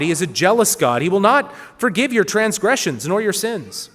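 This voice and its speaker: A man's voice: high voice, animated, brisk, hardly any pauses, a bit bright, in a large hall. A man giving a sermon, reading scripture aloud with earnest, rising emphasis. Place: church hall.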